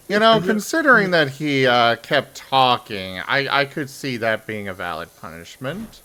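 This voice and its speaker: Slow, bright-voiced teasing man. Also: medium pitch. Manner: relaxed, drawn-out, teasing. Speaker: streamer. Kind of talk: casual stream chat.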